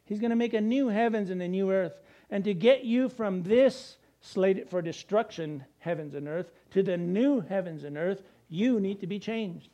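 A male pastor delivering a sermon, animated and conversational, with asides to the congregation. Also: sits high, moderate pace, few pauses.

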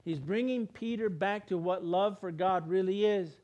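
A man with a high-pitched voice preaching a sermon. He talks in a casual, emphatic way and often slips into quick acted voices for the people in his stories. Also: darkish tone, highs cut off. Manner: conversational, emphatic preaching with plain everyday words.

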